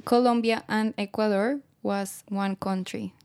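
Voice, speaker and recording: A woman's voice: medium pitch, fairly even intonation, measured pace, creaky, a little mellow, smooth. A South American woman, a Spanish native speaker, giving short replies on a casual podcast. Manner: brief replies, mostly in Spanish. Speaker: podcast guest.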